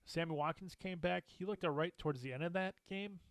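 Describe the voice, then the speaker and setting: A man with a fairly high voice talks sports picks in a casual, animated way. He is opinionated and laughs easily. His voice sounds dry and close to the mic, with no room sound. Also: fairly quick, dry recording. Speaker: co-host.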